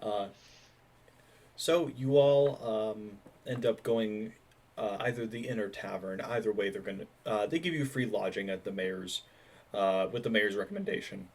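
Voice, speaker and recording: A man narrating as game master in a relaxed, filler-heavy way. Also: on the low side, moderate pace.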